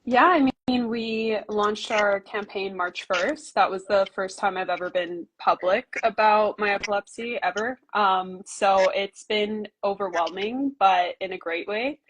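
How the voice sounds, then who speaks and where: A woman in her twenties from Canada, answering interview questions over a video call. Her speech is earnest and halting, full of ums and likes. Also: medium pitch, a little hiss or hum. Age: 20s. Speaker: documentary filmmaker and guest.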